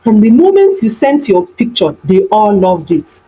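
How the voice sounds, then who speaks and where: A woman voicing a tender young man courting in an animated folktale, talking earnestly and gently. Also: mid-range voice, unhurried, husky, poor audio. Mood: cheerful.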